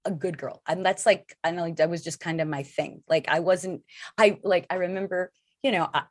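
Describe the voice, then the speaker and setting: Middle-aged woman, interview guest; lowish voice, dry close sound, chatty and rambling. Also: a little fast, no echo. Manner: chatty, rambling with many fillers. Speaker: actress guest. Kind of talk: casual interview chat.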